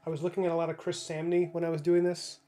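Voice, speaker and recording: A man's voice: on the high side, monotone, racing, mellow, faint music behind. A man in his thirties streaming live from his home studio as he paints, thinking aloud in a rambling way and answering viewers' chat. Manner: rambling, thinking aloud, many restarts and fillers. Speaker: livestreaming comic artist. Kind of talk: casual livestream chat while painting.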